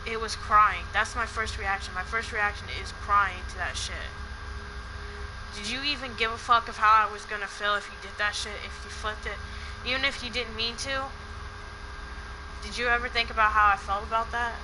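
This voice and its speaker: A woman's voice: mid-range voice, fairly even intonation, normal speed, noisy background. A woman in a heated personal argument on a call, talking in an upset, repetitive way and swearing.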